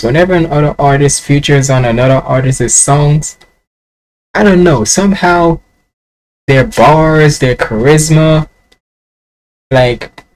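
A man's voice: a little high, rough recording. A man with a Jamaican accent hosting a casual music reaction video, rambling and musing aloud.

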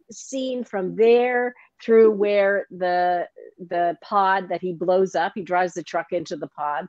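Guest actress, sixties, animated storyteller; lo-fi, dry remote sound. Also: female voice, lowish voice, slow, no room sound. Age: 60s. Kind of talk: casual podcast interview.

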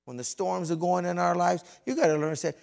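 A man preaching a sermon as pastor, swinging between loud fervent passages and quiet, folksy storytelling with conversational asides. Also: high voice, steady tone, quick pace, vocal fry.

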